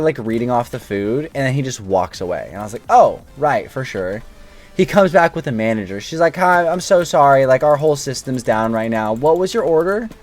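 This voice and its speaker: A man's voice: mid-range voice, darkish tone. A man hosting a gaming video, casually telling a long, self-deprecating story while he plays. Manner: chatty, self-deprecating, apologetic anecdote.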